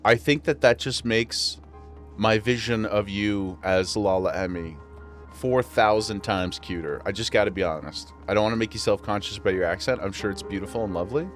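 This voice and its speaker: A man's voice: on the low side, normal speed, faint music behind. Chatty western New York streamer guy. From western New York region. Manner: chatty, laughs often, rambling asides. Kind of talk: casual gameplay chat.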